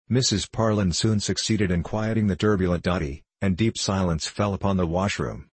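A man reading a children's storybook aloud in a measured, even way. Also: low voice, husky, dry recording. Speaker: audiobook reader. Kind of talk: scripted narration of a children's book.

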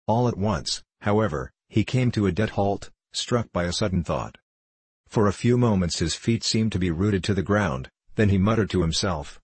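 A man narrating a storybook audiobook in a steady, measured reading. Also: sits low, husky, dry recording.

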